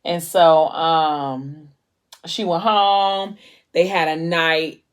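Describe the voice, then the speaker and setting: Low-voiced woman chatting about a book. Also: fairly even intonation, very slow. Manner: chatty, meandering retelling with many fillers. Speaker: vlogger discussing a book. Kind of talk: casual book recap.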